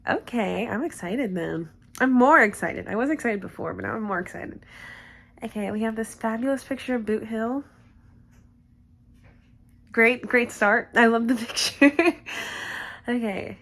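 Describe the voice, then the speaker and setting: A woman's voice: on the high side, normal speed, pauses often, a bit bright. A woman creator chatting casually with viewers and reading fanfiction aloud, giggly and self-conscious, with lots of asides.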